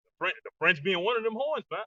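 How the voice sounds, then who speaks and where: A man reading Bible verses aloud to a study group, with quiet asides between the verses. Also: sits high, animated, quick pace, dry recording. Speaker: scripture reader in a study group. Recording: distant, dull lo-fi, dry.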